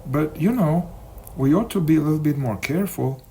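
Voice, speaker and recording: A man voicing an anxious, affectionate young man in love, speaking softly and coaxingly. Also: on the high side, a little fast, gravelly, slight background noise, voice pushed up.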